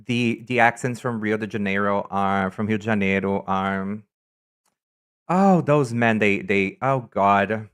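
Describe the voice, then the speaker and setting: Man, Brazilian São Paulo accent, native Portuguese speaker, rambling profane streamer chat, slightly low voice. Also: takes it slowly, a bit bright, clean tone. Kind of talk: casual chat reading viewer comments.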